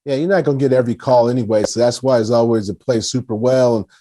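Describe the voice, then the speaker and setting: A male co-host chats in a laid-back, friendly way and calls people "man" and "brother". His voice is mellow and dark in tone. The sound is dry and close. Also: mid-range voice, fast, dry recording. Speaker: podcast co-host. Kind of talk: casual chat.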